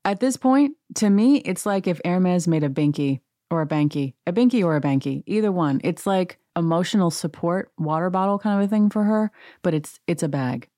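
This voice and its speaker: A woman's voice: on the low side, animated, moderate pace, hardly any pauses, mellow, dry recording, clean studio sound. A woman host casually recapping a reality show, sarcastic and rambling. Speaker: podcast host.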